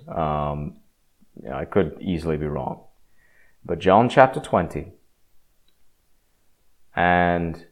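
A man giving a casual, rambling talk on faith, often restarting his sentences and swinging from quiet to emphatic. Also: low-pitched. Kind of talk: casual religious monologue.

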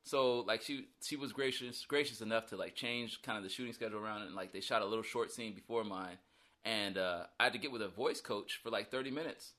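An actor with a fairly low, sharp-toned voice speaks briskly in an interview. He chats casually about a film role, rambling, joking, and poking fun at himself.

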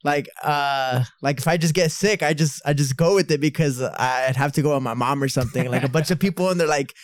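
A man's voice: fairly high pitch, brisk, dry recording. A man in his twenties, a podcast co-host in casual chat, talking loosely and padding his lines with filler words. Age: 20s. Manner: chatty, hedges with lots of "like".

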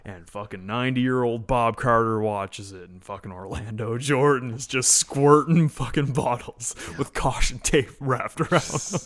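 Male co-host, average pitch; blunt, profane, jokey chat. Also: measured pace, hardly any pauses, a bit bright. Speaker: podcast co-host. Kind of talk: casual chat.

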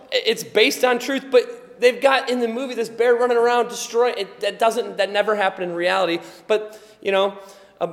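A male preacher giving a conversational sermon, sometimes quiet and chatty, sometimes loud and emphatic, and he laughs often. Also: sits high, big-room sound. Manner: animated, swings from quiet asides to loud emphatic shouts.

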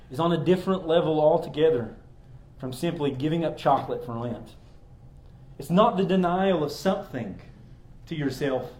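A man's voice: on the high side, mellow, roomy sound. A man giving an earnest sermon, explaining a word closely with many ums and restarts. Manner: earnest, explanatory, with frequent ums and repeated words. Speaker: pastor.

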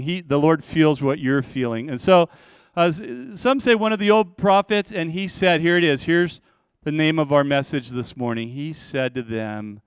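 A middle-aged man preaching a sermon as pastor, swinging between loud, emphatic lines and hushed, slowed ones. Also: fairly high pitch, clean tone, dry recording.

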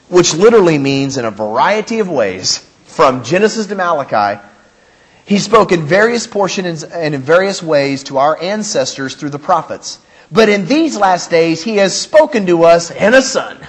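A male pastor delivering a sermon, his voice somewhat higher than most men's and noticeably husky. He preaches emphatically, repeating key phrases and putting questions to the congregation.

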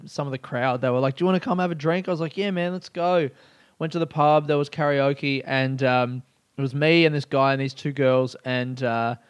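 A man's voice: fairly high pitch, smooth, no echo, studio quality. A young man hosting his own podcast, telling rambling stories with frequent swearing and laughter. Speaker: comedian and podcast host. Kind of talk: casual solo podcast chat.

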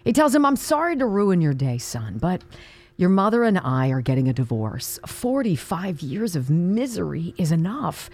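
Lively, laughing woman radio host. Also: on the low side, normal speed, no echo. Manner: laughs often, lively joke delivery. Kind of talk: casual radio banter reading jokes.

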